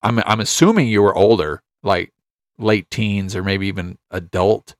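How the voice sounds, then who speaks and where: Low-voiced man rambling through family stories. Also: steady tone, normal speed, no echo, studio quality. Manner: rambling storyteller, chuckles often. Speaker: podcast co-host. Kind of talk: casual chat.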